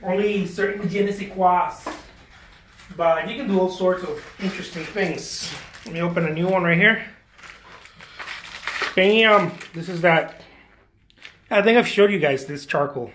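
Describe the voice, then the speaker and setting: A man's voice: high voice, unhurried, long pauses, a bit bright, roomy sound, a little hiss or hum. A man hosting a casual art demo from his studio, chatty and jokey with playful self-mocking boasts. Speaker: artist hosting a drawing demo.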